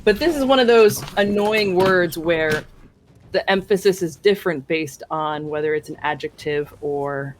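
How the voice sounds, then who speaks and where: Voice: medium pitch, a little slow, a little hiss or hum. A podcast co-host chatting casually while gaming, rambling through explanations with many fillers. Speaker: podcast co-host playing a game. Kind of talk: casual gameplay chat.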